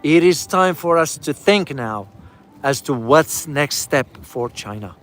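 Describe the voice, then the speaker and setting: A man's voice: fairly high pitch, lively intonation, unhurried, a bit bright. A man giving casual travel commentary to his viewers while riding through a city, addressing them as "guys" and repeating key phrases for emphasis. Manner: speaks directly to viewers as "guys".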